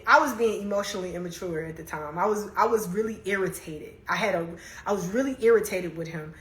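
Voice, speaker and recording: Young woman host chatting candidly into her phone, laughing easily, in an echoey room. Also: mid-range voice. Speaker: livestream host. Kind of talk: casual chat, reading comments.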